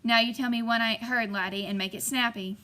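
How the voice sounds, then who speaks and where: A woman voicing a mean old backwoods woman with a harsh, shrill voice and a scolding rural drawl. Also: fairly even intonation, fast talker, sharp tone. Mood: demanding.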